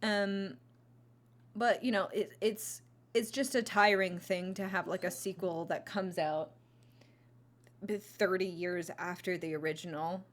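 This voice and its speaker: A woman's voice: lowish voice, fairly even intonation, unhurried. A woman chatting casually into a close mic, reviewing movies on her vlog, rambling with lots of fillers and restarts. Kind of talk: casual chat.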